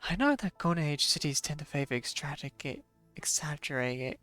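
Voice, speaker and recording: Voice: medium pitch, very animated, fairly quick, sharp tone, soft background music. Streamer reading a game story aloud. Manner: reads narration aloud, stumbles over words and chats in asides.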